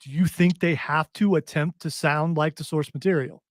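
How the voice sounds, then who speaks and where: A man with a somewhat high voice hosting a casual pop culture podcast. He steers the talk, switches topics and poses questions in a relaxed, conversational way. The sound is dry and close. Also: moderate pace, dry recording. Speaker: podcast host.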